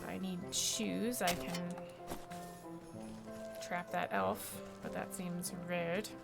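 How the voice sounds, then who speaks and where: A woman's voice: fairly low pitch, steady tone, takes it slowly, vocal fry, loud music behind the voice. A woman streamer chatting casually while playing a game and reading its text aloud.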